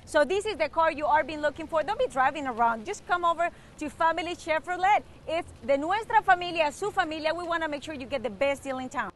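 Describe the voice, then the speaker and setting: High-voiced bubbly woman with a Spanish accent. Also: expressive, quick pace, few pauses, a bit bright, a little hiss or hum. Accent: Spanish-speaking, mixes in Spanish. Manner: bubbly, upbeat, switches between English and Spanish. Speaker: co-host of a car dealership ad. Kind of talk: live car sales pitch.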